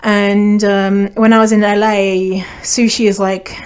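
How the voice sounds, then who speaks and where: A woman's voice: mid-range voice, little pitch movement, measured pace, smooth. A young adult woman from Canada hosting a solo podcast, chatty and blunt, swearing freely and laughing as she talks. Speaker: podcast host. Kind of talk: casual solo podcast chat.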